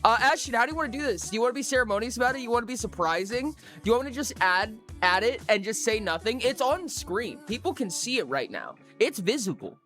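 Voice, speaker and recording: Lively, rambling live streamer. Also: medium pitch, fast, soft background music. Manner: bubbly, rambling, self-mocking. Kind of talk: casual chat with viewers.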